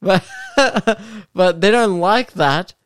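A man's voice: high-pitched, drawn-out words, fairly bright tone, slight background noise. A young man co-hosting a casual car podcast, opinionated and laughing often, trailing off with ums. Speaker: podcast co-host. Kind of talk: casual chat.

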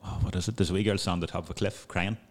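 A man's voice: low-pitched, fairly even intonation, very fast. A man, telling crude jokes in casual banter with friends. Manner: crude, laughing joke-teller.

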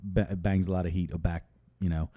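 A man co-hosting a podcast in casual chat, laid-back, his sentences trailing off quietly. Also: low-pitched, flat delivery, normal speed, no room sound. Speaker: podcast co-host.

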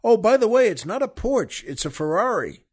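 Man playing naive young job-seeker gal, a bit higher, eager and chatty. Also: sing-song, moderate pace, a little mellow, slightly rough, exaggerated voice. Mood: sweet. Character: young pretty woman seeking work, naive.

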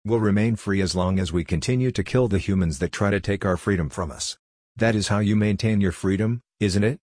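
A man voicing a calm, coldly logical android envoy who speaks in a level, matter-of-fact way. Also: on the low side, a little fast, no echo, clean studio sound, lightly acted.

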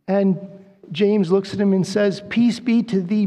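A man preaches to a congregation, his voice sitting high for a man. He tells stories and acts out the quoted lines with energy. The sound rings with a long reverb from a church sanctuary. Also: fairly even intonation, a little slow, mellow. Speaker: guest preacher. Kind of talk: sermon.

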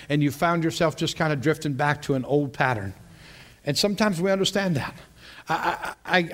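A man preaching a sermon to a class, telling stories in an animated way with frequent laughs and repeated words. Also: on the high side. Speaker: pastor.

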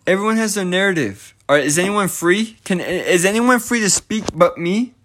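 High-voiced young man ranting, profane. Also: lively intonation, normal speed, fairly bright tone. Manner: frustrated, profane, slangy, rhetorical questions. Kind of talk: casual rant to camera.

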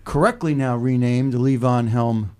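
A man's voice: medium pitch, moderate pace, warm tone, clean tone. An older man hosting a casual talk show, telling a reflective story in a meandering way with many restarts. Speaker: podcast host.

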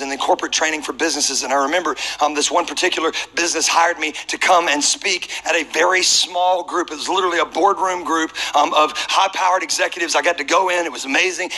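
A man preaching as a pastor, telling a personal story in a humorous, animated way. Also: on the high side, low-quality recording.

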